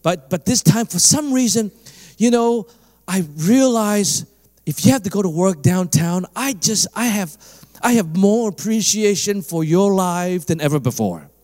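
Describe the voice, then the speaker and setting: A middle-aged man preaching a sermon as a pastor, telling a story in an animated way and acting out the voices in it. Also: unhurried. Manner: animated storytelling, acts out dialogue with big pitch jumps.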